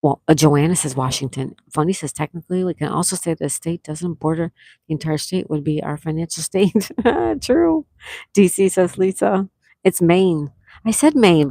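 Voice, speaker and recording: A woman's voice: fairly low pitch, mellow, dry recording. A woman hosting a casual trivia livestream, reading out viewers' answers from the chat and stretching out each question. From near Fort Lauderdale, Florida. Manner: chatty, reads out chat names and answers, drawn-out questions. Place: indoors at home during a thunderstorm.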